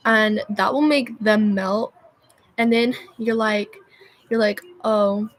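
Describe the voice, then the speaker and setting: Rambling high-voiced young woman. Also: fairly even intonation, takes it slowly. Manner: rambling, loses her train of thought, constant "like" fillers. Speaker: livestreamer. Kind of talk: rambling live-stream chat.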